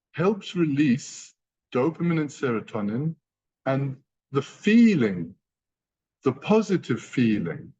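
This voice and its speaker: A man's voice: on the high side, a little mellow, breathy edge. A man giving a motivational training talk to company partners, emphatic and repeating key phrases. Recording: dull lo-fi sound.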